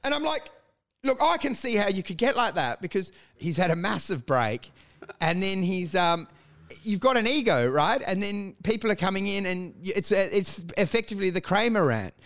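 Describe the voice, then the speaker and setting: Crude, comedic podcast banter comes from an Australian man co-hosting the show, who rants, mocks, swears a lot and laughs. He sounds high-pitched and very animated at a moderate pace, a little bright.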